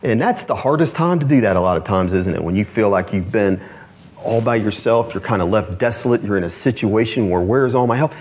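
A male pastor preaching a sermon, reading quotations slowly and rising in emphasis on key phrases. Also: on the low side, animated, a little mellow, a little hiss or hum. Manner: reads quotations aloud slowly and deliberately.

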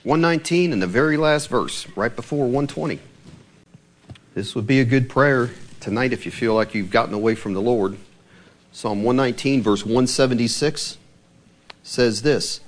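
A man preaching a sermon, reading scripture aloud and stressing phrases slowly and emphatically. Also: medium pitch, animated. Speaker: pastor.

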